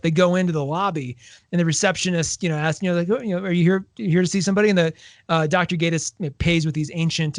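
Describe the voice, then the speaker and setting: A man with a notably high speaking voice co-hosts a casual book-club podcast. He retells scenes with energy, slipping into quoted dialogue. The sound is dry and close, with no room around it. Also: dry recording. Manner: animated retelling, acts out quoted lines. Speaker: podcast co-host.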